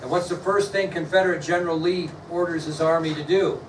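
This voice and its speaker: High-voiced male teacher in an echoey classroom. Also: fairly even intonation, noisy background. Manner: questions students, spells words out slowly. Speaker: history teacher. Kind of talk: classroom lecture. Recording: echoey classroom, mic far off, faint ambience.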